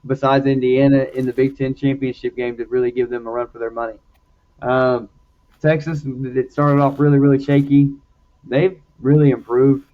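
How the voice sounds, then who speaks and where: A man's voice: medium pitch, phone-quality sound. Chatty man making football picks. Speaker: podcast co-host. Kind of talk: casual sports chat.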